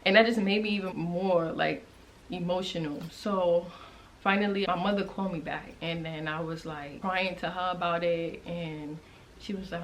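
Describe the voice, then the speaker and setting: Emotional young woman, halting storytime. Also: on the low side, fairly even intonation, slight background noise, rough recording. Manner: emotional, halting, with many restarts and fillers; conversational and direct to viewers. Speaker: vlogger. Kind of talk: casual storytime.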